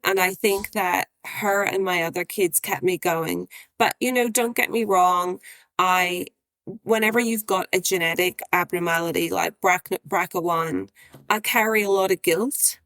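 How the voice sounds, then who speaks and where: A woman's voice: on the low side, fairly even intonation, normal speed, fairly bright tone, no echo. A woman in her forties, a physician guest talking earnestly and from the heart, often repeating her phrases. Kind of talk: candid interview conversation.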